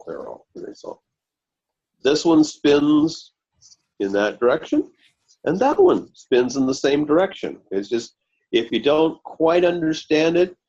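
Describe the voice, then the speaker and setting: Slow, halting man explaining fluid vortices. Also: on the high side, big pitch swings, a little mellow, slightly rough, muffled recording. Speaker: research group member presenting. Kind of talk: explaining over a video call screen share. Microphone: computer mic on a video call.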